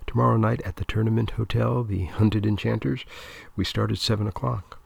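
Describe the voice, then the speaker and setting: A man reading the lines of a measured, formal older male tournament director in a story. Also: on the low side, steady tone, vocal fry, breathy edge, no echo, exaggerated voice. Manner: hushed, formal.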